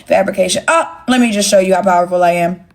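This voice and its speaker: A woman's voice: lowish voice, fast. Sassy, profane young woman streaming live. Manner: blunt, profane, sassy, talks straight to chat. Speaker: livestream host. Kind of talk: casual livestream rant to viewers.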